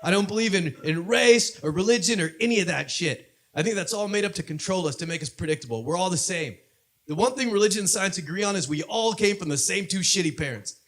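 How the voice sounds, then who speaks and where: A man from Southern California doing a stand-up comedy set on a club stage, punchy delivery that builds to shouted punchlines. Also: high voice, animated, fast.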